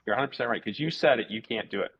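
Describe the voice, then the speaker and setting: A man, a martial arts instructor, telling stories casually as a guest, animated, repeating words and swearing freely. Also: medium pitch, very fast, breathy edge. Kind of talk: casual storytelling interview. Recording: dull lo-fi podcast audio.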